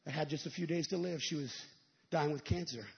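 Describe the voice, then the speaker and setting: A male evangelist preaching a sermon, telling stories and rising into emphatic shouted peaks. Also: a little high, a little fast, creaky, dull audio.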